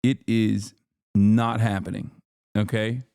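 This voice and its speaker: A man's voice: lowish voice, level tone, takes it slowly, creaky, dark tone, no room sound, studio quality. A man giving profane, sarcastic live-stream commentary as he reacts to news clips. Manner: profane, ranting, sarcastic, exasperated.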